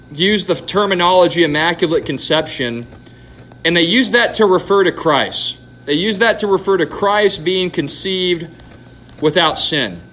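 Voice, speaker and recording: In a church hall, a man with a high, slightly bright voice hosts a Q&A night on the Bible. He teaches from scripture emphatically and directs questions at those attending.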